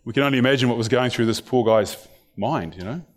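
A man's voice: mid-range voice, fast. A man preaching a sermon, retelling a story and acting out what its people think and say. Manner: storytelling, acts out the characters' thoughts and words.

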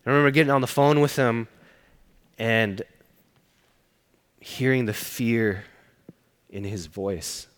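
Man preaching, earnest storytelling, goes quiet a lot, big hall echo. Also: mid-range voice, slow pace, long pauses, clean tone. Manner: earnest personal storytelling, often dropping to a hushed voice. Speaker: pastor. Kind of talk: sermon. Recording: long reverb of a large hall.

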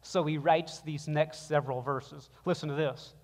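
A male pastor preaching a sermon to his congregation, swinging between loud emphasis and quiet passages and drawing the room into call-and-response. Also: on the high side, steady tone, normal speed. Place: church sanctuary. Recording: long reverb of a church hall.

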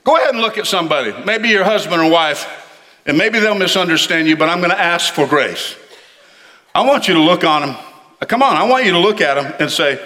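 A man preaching a sermon to his congregation in church, animated and calling on them to respond. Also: sits high, quick pace, big-room sound. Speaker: pastor.

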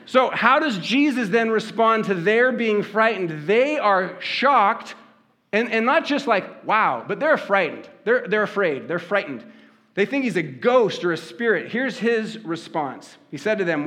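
A man's voice: high voice, animated, normal speed, a bit bright. A man delivering a sermon in a conversational style, telling stories and asking the congregation rhetorical questions. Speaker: pastor.

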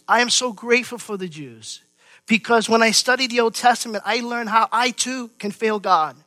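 A middle-aged man preaching a sermon as pastor, swinging from loud emphatic lines to quiet, hushed asides. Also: high voice, no room sound.

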